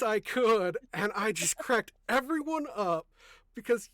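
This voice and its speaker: High-pitched and animated yet a bit slow, a young man speaks in a dry, studio-quality recording. Hosting a podcast, he chats casually and softly, rambling and correcting himself mid-sentence.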